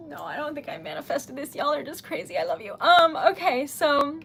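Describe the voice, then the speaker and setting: A young woman, hosting a late-night livestream, giggling and tearfully thanking viewers, her voice going hoarse. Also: high voice, very animated, fairly quick, fairly bright tone, soft background music. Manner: giggly, emotional, tearful gratitude. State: losing her voice. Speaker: livestream host. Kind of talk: casual livestream chat. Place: home at midnight.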